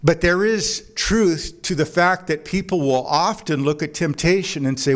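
A man's voice: fairly high pitch, unhurried. A man preaching a sermon to a congregation, mixing scripture with jokes and anecdotes in a conversational way. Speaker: pastor. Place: church before a congregation.

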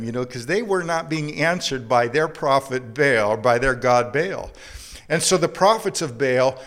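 Preaching a sermon in a fairly high voice, a man reads scripture and acts out the story's voices, lowering to a hush for emphasis.

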